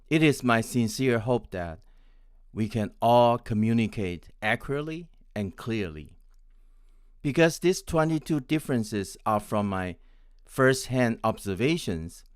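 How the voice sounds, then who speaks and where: A man in his sixties from Taiwan, teaching English pronunciation. He talks very slowly and deliberately, spells words out letter by letter and repeats each one. His voice sits at an ordinary pitch and sounds dry and close. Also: no room sound. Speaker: English speaking coach. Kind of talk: scripted lesson.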